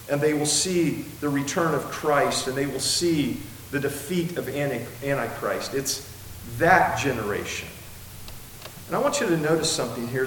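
A man preaching a sermon as pastor, emphatic, slowing down to stress key words. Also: a little high, fairly bright tone, far from the mic. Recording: echoey room with faint hiss.

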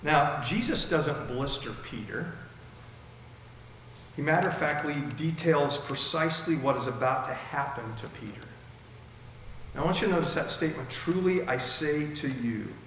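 A man's voice: fairly high pitch, normal speed, long pauses, a little hiss or hum. Male pastor, emphatic sermon delivery with a dry mouth, voice ringing through a large reverberant hall. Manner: emphatic, with dramatic swings in loudness. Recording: echoey hall with long reverb.

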